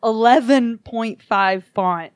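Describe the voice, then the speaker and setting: A woman's voice: fairly high pitch, slow pace, no echo. A woman co-hosting a podcast, chatting casually and telling stories with dry jokes. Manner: animated storytelling, dry jokes. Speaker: podcast co-host. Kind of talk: casual chat.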